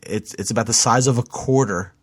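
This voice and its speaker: A man's voice: mid-range voice, a little fast, no echo, studio quality. A man co-hosting a podcast, telling stories in a laid-back way and swearing often. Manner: laid-back storyteller, swears, says bro and dude. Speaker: podcast co-host. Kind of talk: casual chat.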